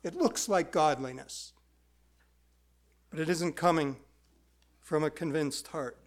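A man's voice: a little high, takes it slowly. A male pastor preaching a sermon in a conversational way, putting questions to the congregation.

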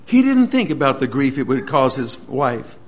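A man's voice: medium pitch, sing-song. Earnest male preacher telling a story. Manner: earnest, swings between loud emphasis and hushed, slow lines. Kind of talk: sermon storytelling.

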